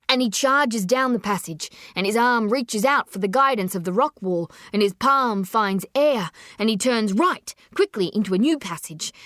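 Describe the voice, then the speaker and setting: A woman narrating a story in a measured, expressive audiobook reading. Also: fairly high pitch, no room sound, clean studio sound.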